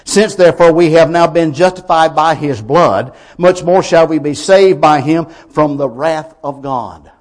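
A man preaching a sermon, emphatic, with swings from quiet lines to loud ones. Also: a little high, measured pace, few pauses.

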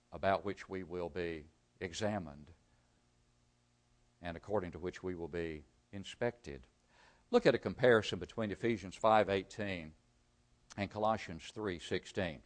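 A man preaching a sermon. He reads scripture aloud, explains it and asks the congregation rhetorical questions, rising loud for emphasis and dropping almost to a murmur. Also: fairly low pitch. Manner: rises loud for emphasis, then drops to a near-murmur.

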